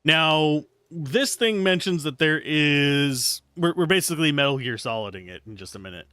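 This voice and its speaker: Male streamer, animated and jokey, lively pitch, dry room, faint music behind. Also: normal speed, clean tone, no echo. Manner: animated, chatty, jokey asides. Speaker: streamer playing a video game. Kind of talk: casual live-stream commentary.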